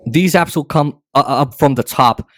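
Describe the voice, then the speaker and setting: A man's voice: mid-range voice, moderate pace, dry recording. A man hosting a casual tech podcast, opinionated and sarcastic, often restarting his sentences. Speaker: podcast host.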